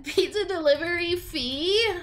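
A woman's voice: very high-pitched, unhurried, fairly bright tone, a little hiss or hum. A young woman streaming a horror game, jumpy and tense, swearing and talking to herself and her chat. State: tense and sweaty. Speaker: gaming streamer. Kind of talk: horror game playthrough commentary.

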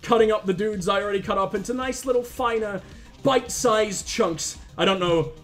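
A man's voice: high-pitched, normal speed, a bit bright. A man streaming a video game, talking through it with profane jokes and rambling asides. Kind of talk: live gameplay commentary. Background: faint game music.

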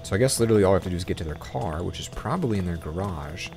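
Young gaming YouTuber, slightly low voice, excitable rambling commentary, game music underneath. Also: male voice, rapid-fire. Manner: drops to hushed, whispery mutters while sneaking. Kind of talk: casual let's-play commentary.

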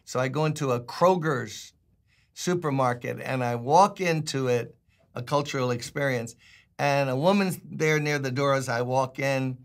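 A man's voice: medium pitch, normal speed. An older man with a New York accent, a pastor giving a chatty, emphatic Bible teaching with jokes along the way. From Brooklyn, New York.

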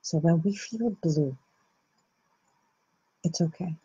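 A woman hosting a reflective self-help talk, speaking slowly and gently with soft pauses. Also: on the low side, husky, dull audio. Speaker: host.

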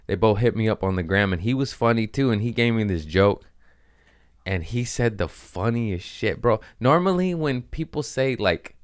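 A man's voice: fairly low pitch, smooth, dry recording, clean studio sound. A man chatting on a podcast, telling loose, rambling stories with frequent laughs, swearing and restarts. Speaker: podcast guest comedian. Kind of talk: casual storytelling chat.

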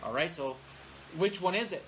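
A man preaches an expository sermon, pausing often to ask "all right?" His voice sits high and sounds bright. Faint background noise hums under the church recording. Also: expressive, poor audio. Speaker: pastor.

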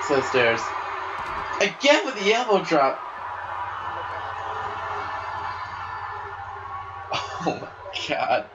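A man giving play-by-play commentary on a wrestling video game, excitable and breaking into shouts at big moves. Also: fairly high pitch, a little slow, dull audio. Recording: steady background noise.

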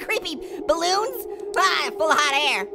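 Voicing a goofy, wisecracking male orange who loves pranks, a gaming channel host delivers cartoon-character commentary in an exaggerated, squeaky, giggly voice. Though unhurried, he chatters excitedly, puns and giggles, while loud game music fills the noisy background.

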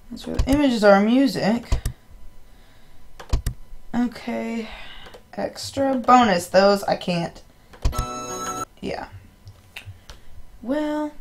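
A woman's voice: a little high, a little hiss or hum. A woman, chatting casually and rambling to her viewers while streaming a game. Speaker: streamer playing a visual novel. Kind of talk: casual live-stream chat.

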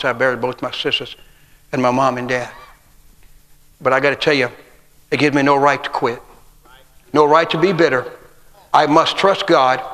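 A man's voice: medium pitch, a bit bright. A man, preaching a sermon full of humorous personal stories. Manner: folksy, humorous storytelling with acted quotes. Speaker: guest preacher. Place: church sanctuary. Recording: long church hall reverb.

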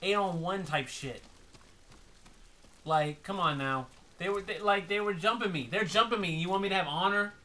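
A man doing let's play commentary, loud and profane, yelling at the game as he plays. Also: high-pitched, normal speed. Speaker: gaming streamer.

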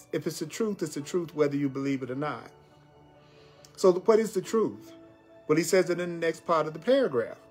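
A man teaching a spiritual class, speaking emphatically and repeating affirmations slowly. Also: on the high side, slightly rough. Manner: emphatic, slow repetitions of key phrases.

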